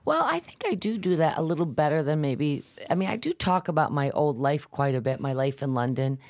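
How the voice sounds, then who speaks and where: A woman's voice: low-pitched, animated, a little fast, a little mellow, no room sound, studio quality. A woman being interviewed, chatting in a blunt, assertive, outspoken way. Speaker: interview guest. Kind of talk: casual chat.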